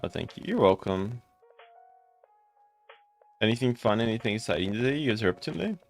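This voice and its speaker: A man's voice: fairly low pitch, expressive, a little fast, vocal fry, faint music behind. A tired man casually chatting with viewers during a live gaming stream, greeting them by name with rambling asides.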